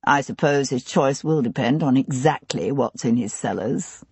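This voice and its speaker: A woman narrator voicing a cool, sharp-eyed aristocratic gentleman investigator, speaking in a measured, pointed way. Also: very deep voice, breathy edge, no echo, voice pushed down, exaggerated voice.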